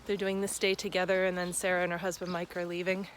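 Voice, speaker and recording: This is a casual travel vlog from a woman on a long-distance walk, speaking fast in a lowish, level voice into a handheld phone. She's outdoors on a rural trail, upbeat and laughing easily, with slight background noise.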